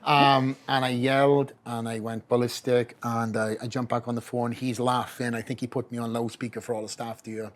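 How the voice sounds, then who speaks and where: A man's voice: medium pitch, brisk, hardly any pauses. A middle-aged man with a Welsh accent, a bodybuilder telling his story as a podcast guest, acting out the voices of people he quotes. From Wales. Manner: animated storyteller who acts out quoted voices.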